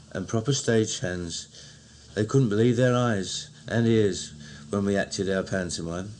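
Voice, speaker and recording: A man with a Cockney accent, slowly and fondly recounting old memories in a recorded diary. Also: fairly low pitch, darkish tone, slight background noise. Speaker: narrator.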